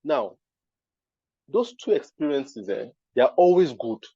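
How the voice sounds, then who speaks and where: A man's voice: mid-range voice, sing-song, a little slow, mellow, breathy edge, no room sound, lo-fi sound. A man with a Nigerian accent giving an emphatic live talk at a design event, often checking that the audience understands. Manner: emphatic, keeps asking "you understand?".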